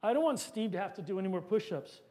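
Man doing a high, pleading young woman student in a sermon story. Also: expressive, quick pace, mellow.

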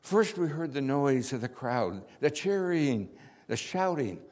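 A man's voice: medium pitch, sing-song, a little slow. A man acting as the apostle Peter, telling his story in a heartfelt first-person monologue. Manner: heartfelt storytelling, rising to shouts. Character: the apostle Peter, impulsive and earnest. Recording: long hall reverb.

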